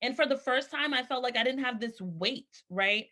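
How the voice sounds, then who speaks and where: Woman, 30s, earnest personal testimony, bright, slightly high voice. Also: moderate pace. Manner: earnest, emotional, candid. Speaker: speaker sharing her story.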